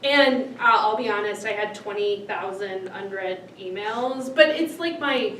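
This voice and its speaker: A woman talking to a class as a speaker on autism and families, telling stories in an animated way and acting out other people's voices. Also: mid-range voice, unhurried, reverberant, recorded from a distance, a little hiss or hum, low-quality recording. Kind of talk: storytelling lecture. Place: lecture room.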